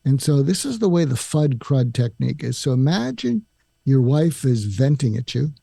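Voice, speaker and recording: Guesting on a podcast interview, an older psychiatrist calmly explains a conversational technique one step at a time and performs example lines. He speaks at a moderate pace in a mid-range, creaky, slightly rough voice, recorded dry at studio quality.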